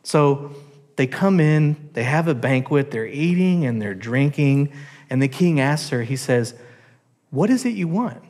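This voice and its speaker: Animated pastor in a reverberant hall. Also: male voice, mid-range voice, measured pace. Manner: animated, acts out characters. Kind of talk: sermon storytelling. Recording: long church hall reverb.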